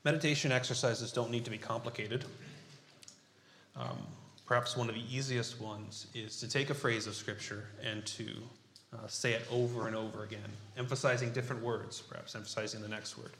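A man preaching a sermon in a bright, forceful voice. He talks in an unhurried, halting way with frequent fillers. His voice rings around a roomy church space. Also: mid-range voice, steady tone, a little hiss or hum. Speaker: pastor. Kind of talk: sermon with group scripture reading. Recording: roomy echo.

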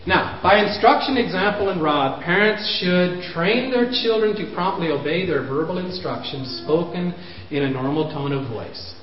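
A man in his fifties lecturing parents, animated, pushing his voice up for emphasis and chuckling at himself. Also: high voice, normal speed. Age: 50s. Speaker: speaker on parenting. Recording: roomy, dull lo-fi recording.

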